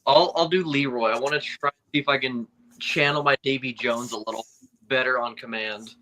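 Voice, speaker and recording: A man's voice: mid-range voice, steady tone, fairly quick, sharp tone, a little hiss or hum, poor audio. A man co-hosting a podcast, joking and a little hesitant as he picks his parts. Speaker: podcast co-host. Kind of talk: casual banter.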